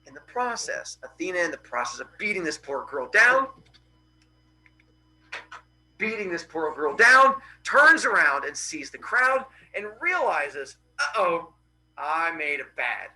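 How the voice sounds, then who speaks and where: A man's voice: high-pitched, sing-song, moderate pace, hardly any pauses, pushed and bright, poor audio. A male teacher dramatically retelling a Greek myth to his class in a casual, playful way. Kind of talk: animated classroom storytelling.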